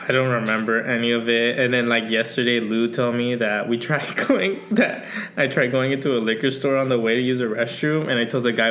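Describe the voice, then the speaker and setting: A man's voice: medium pitch, a little fast, hardly any pauses, a bit bright. A young man co-hosting a podcast, telling a rambling story in casual chat and laughing often. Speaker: podcast co-host.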